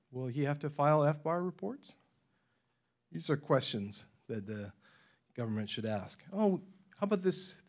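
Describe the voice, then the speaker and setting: Animated man telling stories at a forum. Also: on the high side. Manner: animated storyteller, acts out quoted voices, laughs often. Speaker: forum speaker. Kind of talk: public talk at a forum. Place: university lecture room.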